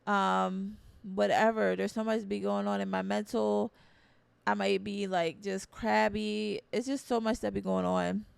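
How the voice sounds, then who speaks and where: A woman's voice: mid-range voice, flat delivery, unhurried, gravelly, clean tone, no room sound. A young woman hosting a podcast, talking in an earnest, conversational way with slangy phrasing, repeating her key points. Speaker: podcast host. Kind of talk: casual motivational talk.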